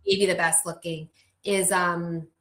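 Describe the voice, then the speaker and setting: A woman's voice: on the low side, little pitch movement, takes it slowly, a bit bright. A woman who is a podcast guest in casual chat, playful and joking. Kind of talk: casual chat about a film.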